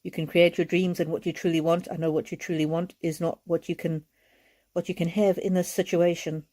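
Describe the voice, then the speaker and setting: A woman giving a live oracle card reading, speaking earnestly and reassuringly, with soft laughs now and then. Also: lowish voice, little pitch movement, brisk.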